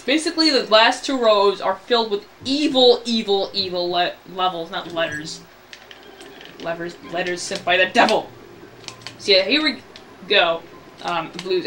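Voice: medium pitch, a bit bright, distant mic, slight background noise. A host giving casual gameplay commentary, rambling, joking and correcting himself mid-sentence. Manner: rambling, self-correcting, jokey. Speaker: let's play host.

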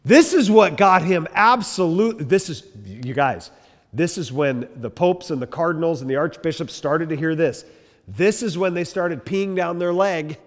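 A man, a pastor, giving an emphatic, conversational church history lecture to a live group. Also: a little high. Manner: animated, emphatic, conversational with the room. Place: church hall with long reverb. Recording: echoey hall reverb.

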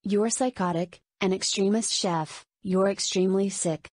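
A woman's voice: medium pitch, measured pace, a little mellow, no room sound, close to an everyday voice. Casting: woman voicing jittery young coworker, plain read, dry. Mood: nervous.

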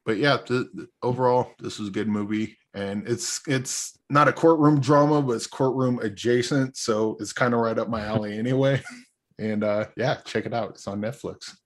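A man's voice: medium pitch, normal speed. A man co-hosting a podcast, rambling in a laid-back way through his movie opinions and swearing casually. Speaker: podcast co-host. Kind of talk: casual movie review chat.

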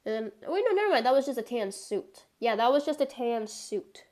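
A woman's voice: on the high side, normal speed, darkish tone. A young woman streaming a game, chatting casually in a rambling way full of filler words, playful and given to mock-dramatic outbursts. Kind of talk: casual gameplay chat.

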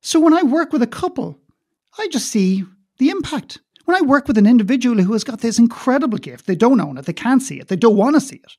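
A man's voice: very high voice, sing-song, brisk, warm tone, dry recording, studio quality. A man with an Irish accent, a guest in a podcast interview, talking passionately and bluntly, swearing and repeating words as he goes.

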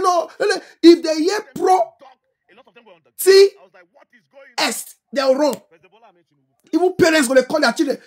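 A middle-aged woman with a Nigerian Pidgin English accent, delivering impassioned political commentary in an animated, scolding way, full of rhetorical questions. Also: high-pitched, normal speed, pauses often. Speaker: social media commentator.

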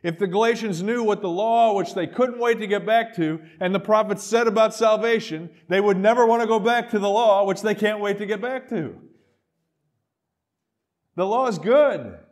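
Male pastor, middle-aged, high tenor, lively sermon delivery with acted-out dialogue. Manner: animated preaching, acting out quoted voices, dropping to quiet asides.

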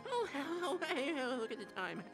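A man's voice: very high voice, huge pitch swings, moderate pace, music in the background, full character voice. A man voicing a bumbling, eccentric old village doctor in a video game cutscene, stammering and dithering fussily.

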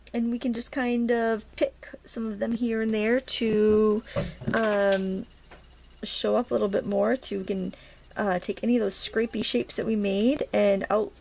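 Middle-aged woman, Maine accent, slightly gravelly, chatty art teacher, casual and playful. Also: mid-range voice, darkish tone. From Maine, USA. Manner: chatty, self-talking while painting, playful asides. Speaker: watercolor instructor. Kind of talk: casual painting tutorial.

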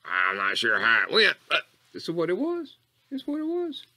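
A man playing Coach Catfish, an eccentric rambling character who drifts off on tangents and jumps between squeaky highs and low mutters. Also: huge pitch swings, moderate pace, sharp tone, exaggerated voice. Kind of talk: comedic character monologue.

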